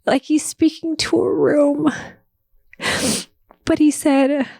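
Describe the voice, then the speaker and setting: A woman's voice: sits high, level tone, slow, creaky, mellow, dry recording, clean studio sound. A woman hosting her own podcast, telling a personal story in a heartfelt, faith-focused way. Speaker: podcast host.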